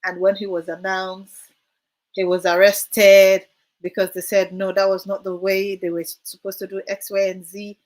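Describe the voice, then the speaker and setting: A woman's voice: medium pitch, completely flat delivery, normal speed. Female co-host, mid-range voice, earnest and a little hesitant. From Sierra Leone. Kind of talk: political discussion.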